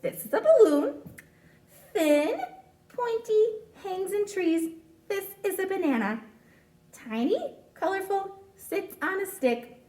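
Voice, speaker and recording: A woman's voice: very high-pitched, animated, takes it slowly, pauses often, dark tone, reverberant, voice pushed up, full character voice. A woman voicing a small, boastful mouse who insists he is a tiger, reading a storybook aloud. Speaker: storytime reader.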